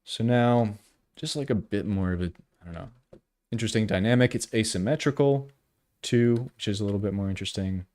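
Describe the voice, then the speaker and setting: A man in his early thirties with a somewhat low voice muses half to himself as he sketches, stopping and restarting his thoughts. He drops wry jokes at his own expense. The sound is close and dry, with no room around it. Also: a little mellow, no room sound. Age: 30s. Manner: halting, self-questioning, trailing off often; wry self-deprecating humor. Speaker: artist streaming live. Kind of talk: casual think-aloud commentary while drawing.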